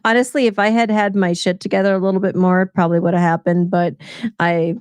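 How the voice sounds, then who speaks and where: A woman's voice: fairly low pitch, flat delivery, fast, a little mellow, smooth, no echo. Giggly woman reading out stream chat. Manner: chatty, giggly, reads chat messages aloud. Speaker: co-host of a live stream. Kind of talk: casual chat.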